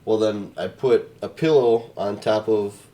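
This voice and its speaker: Young male podcast co-host, lowish voice, halting casual storytelling. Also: mellow. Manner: halting, searching for words.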